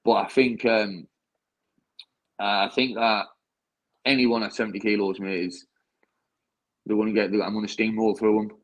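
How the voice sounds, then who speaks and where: A young British man, a bare-knuckle fighter, gives a chatty post-fight interview, rambling, restarting and saying "mate" constantly. His fairly low voice holds a level tone at normal speed, and he pauses often. It's a low-quality recording.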